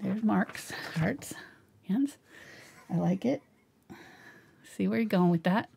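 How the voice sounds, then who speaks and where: Gravelly-voiced woman chatting while painting. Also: medium pitch, lively intonation, slow, dark tone, a little hiss or hum. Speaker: painting instructor. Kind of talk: live painting tutorial.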